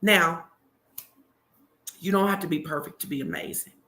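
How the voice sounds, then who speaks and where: A woman hosting a live stream, giving a motivational talk with energetic, emphatic encouragement. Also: low-pitched, moderate pace.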